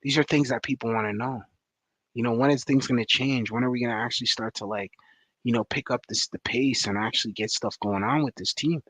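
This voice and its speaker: A man's voice: medium pitch, brisk, a bit bright, husky, no echo. A man giving a rambling, frustrated post-game reaction as a fan commentator, full of fillers.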